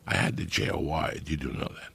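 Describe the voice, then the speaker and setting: A middle-aged man telling stories in casual podcast talk, profane and animated. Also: extremely low pitch, normal speed, vocal fry, husky. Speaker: guest storyteller.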